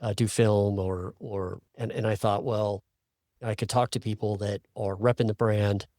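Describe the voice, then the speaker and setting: Low-voiced, reflective man guest. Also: fairly even intonation, moderate pace, dark tone, no echo, studio quality. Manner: reflective, self-deprecating, some hesitations. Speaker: podcast guest, brand owner. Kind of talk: casual chat.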